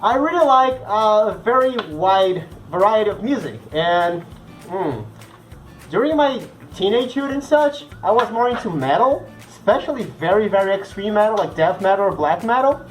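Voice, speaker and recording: Young guy, portuguese-speaking accent, bubbly and chatty answering fan questions, soft music in the background. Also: high-pitched, expressive, moderate pace, rough recording. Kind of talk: casual chat.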